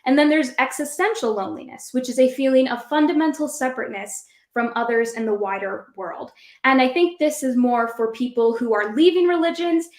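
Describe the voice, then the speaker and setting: A woman's voice: high voice, a little fast, few pauses. A woman hosting a conversational podcast, explaining ideas and leading into questions for her guest. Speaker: host. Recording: roomy echo.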